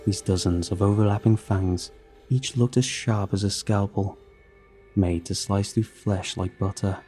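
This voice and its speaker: Low, dark-voiced man narrating horror. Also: fairly even intonation. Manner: measured, grim storytelling. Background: faint music.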